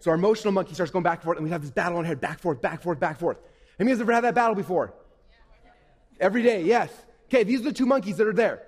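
A man's voice: sits high, animated, rapid-fire, breathy edge. A man giving an interactive, upbeat talk to a youth audience, checking in with the room every few sentences. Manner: upbeat, keeps checking in with "okay?". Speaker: workshop presenter. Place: event hall. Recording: echoey hall.

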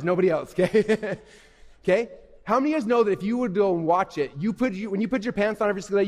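A man giving an energetic, playful, emphatic live presentation to young people as a motivational speaker. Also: sits high. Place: event hall. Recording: reverberant hall.

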